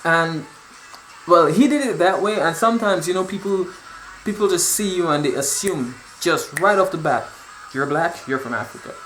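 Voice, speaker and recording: A young man from Dominica talks casually to camera in an animated way. He repeats words and acts out conversations as he goes. The room is echoey and faint music plays behind him. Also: high voice, moderate pace. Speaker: vlogger. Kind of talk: casual storytelling vlog.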